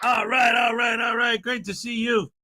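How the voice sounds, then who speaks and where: A man's voice: very high-pitched, little pitch movement, moderate pace, over a noisy crowd, heavy background noise. A man hosting a morning livestream, greeting viewers by name in a chatty, upbeat way. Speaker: livestream host. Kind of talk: casual livestream chat.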